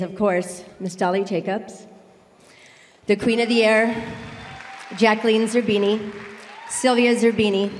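A woman's voice: mid-range voice, big-room sound. A middle-aged woman giving a heartfelt, emotional award acceptance speech in a large circus tent.

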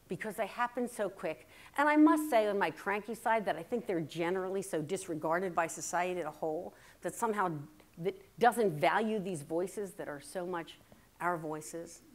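A woman in her fifties giving a keynote speech, telling family stories in a lively, chatty, self-deprecating way that turns earnest and reflective at times. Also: fairly low pitch. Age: 50s. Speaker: keynote speaker. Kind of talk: humorous storytelling speech. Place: stage at a writers' workshop, before a live audience.

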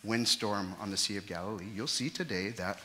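A man preaching a sermon as pastor, lively, acting out the panicked disciples in quick voices. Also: lowish voice. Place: church sanctuary. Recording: church hall with long reverb.

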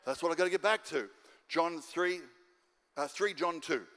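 A man's voice: fairly high pitch, moderate pace, a bit bright, long reverb tail. An Australian man preaching a sermon as a guest pastor, fired up and driving home his points over and over. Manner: fired-up, repetitive exhortation. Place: church auditorium.

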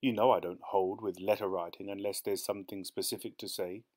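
A smug, teasing old husband, as a male narrator puts him on speaks in a low, curt voice. He brushes things off coldly. It is a storybook reading. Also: steady tone, a little fast, darkish tone. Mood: curt, dismissive. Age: older. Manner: curt, dismissive.

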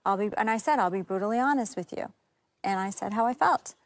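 A woman's voice: mid-range voice, fast talker, dry recording. A woman on a reality reunion, telling her side bluntly and matter-of-factly. Her voice sits in the middle range. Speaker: reality show cast member. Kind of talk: explaining herself at a reunion.

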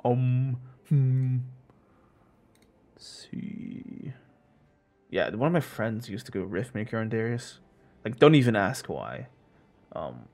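A man's voice: lowish voice, darkish tone. A young man chatting casually over his gameplay, joking and rambling as he plays. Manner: joking, rambling, self-mocking. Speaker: gaming streamer.

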